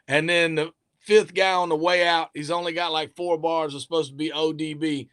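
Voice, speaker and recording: A man with a high, bright, ringing voice talks eagerly in a relaxed interview. He is a rapper explaining his own work, rambling and trailing off as he hunts for words. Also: moderate pace, clean tone. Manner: eager, talkative, trails off mid-thought. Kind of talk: casual chat.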